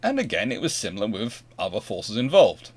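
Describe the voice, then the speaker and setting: A British man hosting a casual history talk, animated, often restarting sentences and acting out dialogue. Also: on the low side, brisk, husky. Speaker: naval historian and host.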